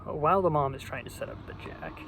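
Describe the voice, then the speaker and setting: A young man telling a rambling, funny story in a casual, deadpan, profane way. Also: fairly high pitch, fairly quick, gravelly, slight background noise, rough recording. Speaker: vlogger.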